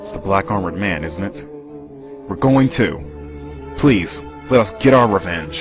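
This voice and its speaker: A man's voice: medium pitch, big pitch swings, a little fast, pitched above the performer's own voice, lightly acted. A man voicing an earnest young male swordsman in a game playthrough, pleading and eager. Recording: muffled capture with game music.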